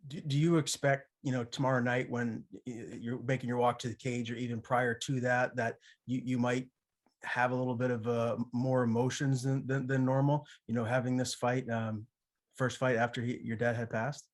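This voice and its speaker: Halting male podcast interviewer. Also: medium pitch, level tone. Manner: halting, repeats words, sympathetic. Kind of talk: interview questions.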